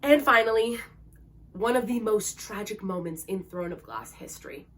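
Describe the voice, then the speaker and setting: A woman's voice: medium pitch, animated, moderate pace, fairly bright tone. A woman hosting an emotional book-review vlog, gushing and dramatic, peppering her talk with "like". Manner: gushing and dramatic, heavy use of "like". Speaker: book vlogger host.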